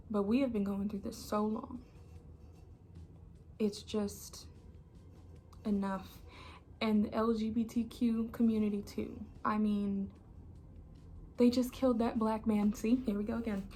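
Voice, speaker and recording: Angry young woman, hushed intense repetition. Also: medium pitch, slight background noise. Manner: angry and emphatic, repeating phrases, often dropping to an intense hushed voice. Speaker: channel host. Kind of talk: impassioned personal monologue.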